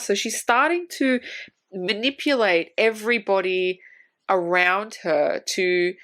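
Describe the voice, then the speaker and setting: A woman talks through a film scene by scene on a podcast in casual, loose chat. She slips into animated quoted voices for the characters and swears freely. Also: medium pitch, measured pace. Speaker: podcast co-host.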